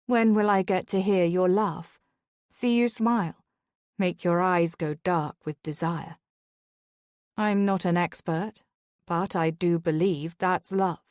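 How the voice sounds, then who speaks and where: A woman reading a romance audiobook, voicing a sincere young nobleman in a tender, slightly lowered voice. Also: slow, darkish tone, dry recording, clean studio sound. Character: earnest devoted young nobleman, a reformed rogue.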